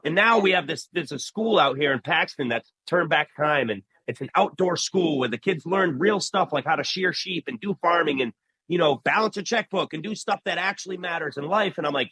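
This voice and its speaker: A man tells stories in a relaxed interview, slipping into the voices of the people he quotes. His tone is bright and forceful, with a husky edge. The sound is dry and close. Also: on the high side, fairly quick, no echo, rough recording. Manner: animated storyteller, acts out quoted voices. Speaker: barber, guest. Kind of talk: casual interview talk.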